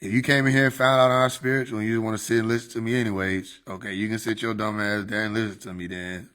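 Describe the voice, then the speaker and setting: A man's voice: fairly low pitch, level tone, fast talker, a bit bright. Slangy laid-back man on a livestream. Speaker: livestream host. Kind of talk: casual livestream chat.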